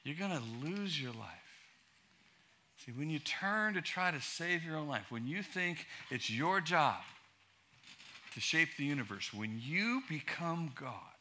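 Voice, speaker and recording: A man's voice: on the high side, lively intonation, measured pace, pushed and bright, slight background noise. A middle-aged man preaching a sermon as pastor, building his points through emphatic, rhythmic repetition.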